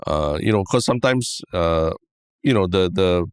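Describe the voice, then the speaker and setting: A man's voice: low voice, moderate pace, clean tone, no echo, studio quality. A Singaporean man co-hosting a podcast, chatting casually with a Singaporean English accent and ending his points with "lah, right?". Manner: relaxed, chatty, drops "lah, right?" tags. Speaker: podcast co-host. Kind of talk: casual chat.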